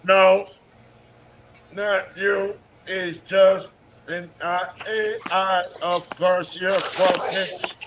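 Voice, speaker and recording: A man putting on a flat robot voice. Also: high-pitched, muffled recording, noisy background, heavily acted. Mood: deadpan robotic. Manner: slow, stiff, robotic delivery. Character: flat monotone male AI robot. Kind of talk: playful put-on voice on livestream chat.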